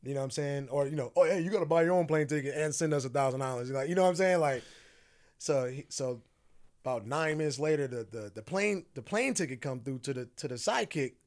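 Man telling a lively story. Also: mid-range voice, fast talker. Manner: animated, acts out quoted dialogue, laughs often. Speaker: podcast guest. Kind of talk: casual storytelling.

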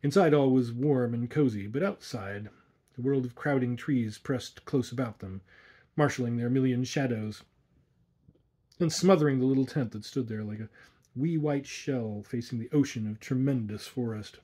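A man narrating a spooky tale in a measured, atmospheric way. His voice is dark and mellow with a husky grain. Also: mid-range voice. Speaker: audiobook narrator. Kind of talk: scripted narration.

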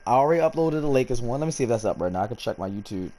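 A man's voice: medium pitch, lively intonation, racing, dark tone. A man hosting his own gaming channel, talking casually in slang and rambling as he plays and opens packs. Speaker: gaming YouTuber host.

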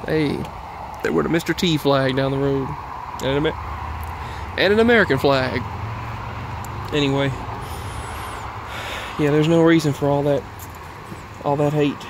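A man's voice: on the high side, normal speed, pauses often, background noise. A man vlogging in a rambling, earnest monologue, out of breath, repeating himself as he talks. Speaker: YouTube vlogger.

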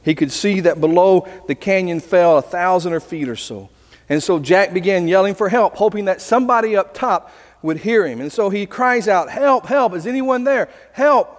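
Earnest male pastor, fairly high-pitched, preaching in a reverberant sanctuary. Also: moderate pace. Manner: earnest, storytelling with voices. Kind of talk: sermon. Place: church sanctuary.

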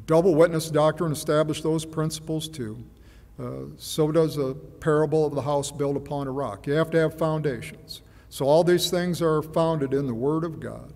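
A man preaching a sermon in a measured, musing way, often hesitating and repeating himself. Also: on the high side, a little mellow. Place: church. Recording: long church reverb.

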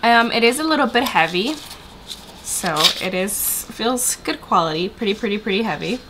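A woman's voice: medium pitch, lively intonation, normal speed, background noise. A woman sounding stuffy and congested, chatting to viewers in a sit-down makeup review vlog. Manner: bubbly and chatty, addressing viewers directly. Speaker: beauty vlogger.

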